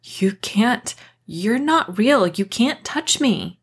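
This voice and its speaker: A woman voicing a terrified young woman who whimpers in a breathy, high voice. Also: fairly even intonation, normal speed, lightly acted. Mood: panicked.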